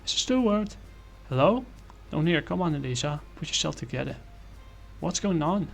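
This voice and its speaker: A man's voice: on the high side, a little fast, gravelly, faint music behind. A man voicing an anxious, brave young woman as he reads a comic aloud, calling out in a raised, strained voice. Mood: calling anxiously.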